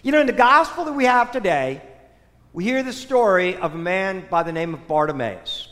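A man preaching a sermon, telling stories in an animated way that swings between loud and soft. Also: sits high, normal speed. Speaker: priest. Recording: long hall reverb.

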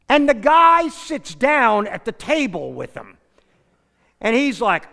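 Pastor, high-pitched, smooth voice, animated storytelling sermon, reverberant sanctuary. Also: male voice, normal speed. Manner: animated, rises and drops in volume, acts out characters in the story. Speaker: preacher. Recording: long reverb of a large hall.

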